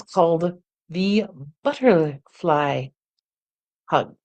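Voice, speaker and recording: A woman's voice: sits low, animated, measured pace. A woman who is a singing teacher and hosts the show, leading a somatic exercise lesson from a chair on camera. She is playful, laughs often and demonstrates the exercises with vocal sounds. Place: seated in a chair at home studio, on camera.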